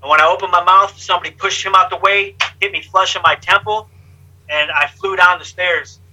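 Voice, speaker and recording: This interview guest is a man with a high-pitched voice who talks fairly quickly over poor audio. He tells his life story candidly, using blunt, streetwise language. Lively throughout, he acts out the things other people said.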